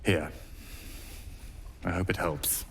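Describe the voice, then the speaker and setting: An actor playing a bitter, drunk young man who shouts at his family and then apologizes in a game. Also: low voice, steady tone, takes it slowly, a little hiss or hum, exaggerated voice. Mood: apologetic.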